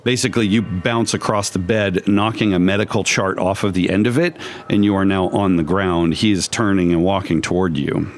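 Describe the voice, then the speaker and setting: A low-voiced man runs a horror tabletop game as game master. He describes scenes vividly but halts often and leans on fillers. His pitch stays in the lower range for a man. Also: fairly even intonation, moderate pace, hardly any pauses.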